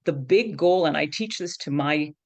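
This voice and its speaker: A woman's voice: low voice, normal speed. A middle-aged woman, a professor of education, explaining things in a conversational interview and often checking in with "right?". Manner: explanatory, frequently adds "right?".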